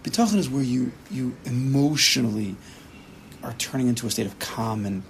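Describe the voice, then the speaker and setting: Teaching a Torah class, a rabbi with a gravelly, creaky, mid-range voice presses his points emphatically at a moderate pace. He often drops into small quoted inner voices to make his argument. The low-quality recording carries a faint hiss.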